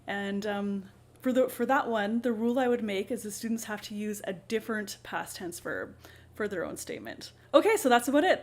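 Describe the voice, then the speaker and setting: Woman esl teacher host, relaxed chatty explainer, lots of ums, medium pitch.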